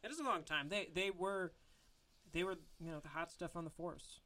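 A man's voice: a little high, pushed and bright. A man improvising a comedic story, rambling with many fillers and restarts. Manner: rambling, filler-heavy, halting. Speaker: storyteller, co-host.

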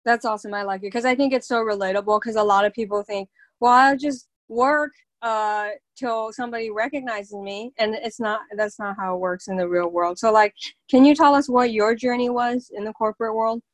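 A woman's voice: medium pitch, steady tone, fast talker, no room sound. A woman hosting an interview podcast, gushing and enthusiastic, swearing casually as she chats. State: out of breath. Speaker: podcast host.

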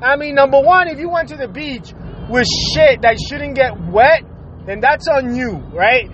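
A man's voice: very high-pitched, normal speed, a crowd in the background. A man hosting his own show in a casual, profane rant, laughing as he goes. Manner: profane, animated, laughs while ranting. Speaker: podcast host. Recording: slightly dull audio with faint noise.

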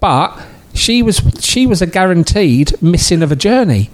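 A man co-hosting a casual chat podcast. He talks on the higher side and his pitch swings a lot as he spins a story. He acts out the voices of the people in it. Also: sing-song, moderate pace. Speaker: podcast co-host.

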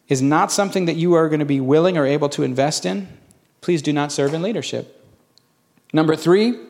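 His voice a little high, a middle-aged pastor spins folksy stories while preaching a sermon, livening up in bursts each time he quotes someone.

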